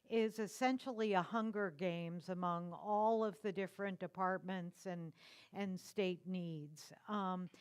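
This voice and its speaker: A woman speaking as a guest advocate, explaining budget issues to an audience in a measured way with some fillers. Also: medium pitch, clear, resonant tone. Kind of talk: explanatory public talk on the state budget.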